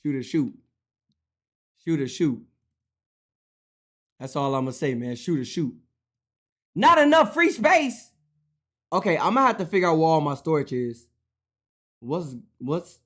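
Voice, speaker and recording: Animated young man, profane streamer chatter. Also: on the high side. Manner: animated, profane, repeats himself. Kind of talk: casual stream talk.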